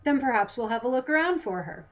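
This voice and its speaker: A woman's voice: a little high, animated, fast, narrow, tinny audio, pitched above the performer's own voice, close to an everyday voice. A scheming lawman corporal, smug and mocking, voiced by a woman reading her novel. He haggles slyly and sneers at his rivals. It sounds like a storybook read aloud. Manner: mocking, sly bargaining.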